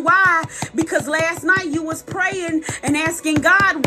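High-voiced woman preaching with fervor. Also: normal speed, few pauses, over loud music. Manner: passionate, calls the audience sis and y'all. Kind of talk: sermon on a live stream.

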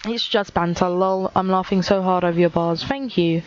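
A woman's voice: on the low side, a little fast, hardly any pauses, darkish tone, dull audio, a little hiss or hum. Sarcastic teenage girl vlogging. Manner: sarcastic, teasing, self-mocking. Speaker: YouTuber. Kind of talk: casual commentary reading comments.

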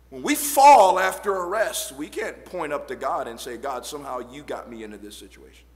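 A man preaching an evening church sermon as pastor, reading old scripture aloud and building to shouted points. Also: fairly high pitch, lively intonation, moderate pace, hardly any pauses, big-room sound. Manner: reads old-fashioned scripture verses aloud. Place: church sanctuary.

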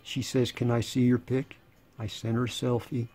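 A man in his sixties, rambling and sarcastic in a casual monologue, slightly hoarse. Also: medium pitch, little pitch movement, normal speed, a little mellow, soft background music. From United States. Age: 60s. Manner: sarcastic, rambling, laughing between lines. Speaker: channel host.

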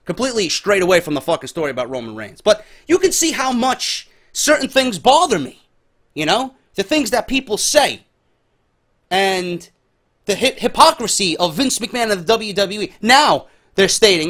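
A man's voice: sits high, sing-song, moderate pace, a bit bright. A man with a New York accent giving a heated, profane solo rant as a wrestling commentary vlogger. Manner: profane, heated, emphatic ranting.

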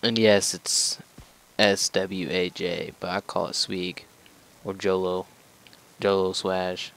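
Low, unhurried man joking through a game. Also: little pitch movement, vocal fry, fairly bright tone, poor audio. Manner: joking, rambling, talks to the game. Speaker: let's play gamer. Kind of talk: casual gameplay commentary.

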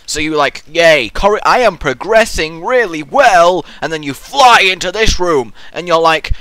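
A young man hosting a gaming video, talking in an excitable, rambling way and acting out the player's thoughts in silly voices. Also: high voice, moderate pace, no echo. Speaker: gaming channel host. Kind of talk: Let's Play commentary.

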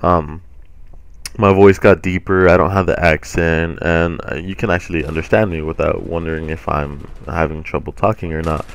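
A young man chats casually to his viewers in a very low, smooth voice that is still groggy from the morning. He rambles along, starting over often, like a gaming host talking off the cuff. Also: fairly even intonation, normal speed, dry recording. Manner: chatty, rambling with many restarts and fillers.

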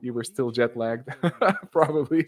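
Excitable man hosting a livestream. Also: mid-range voice, measured pace. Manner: excitable storyteller, laughs often. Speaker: show creator and host. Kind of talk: casual livestream chat.

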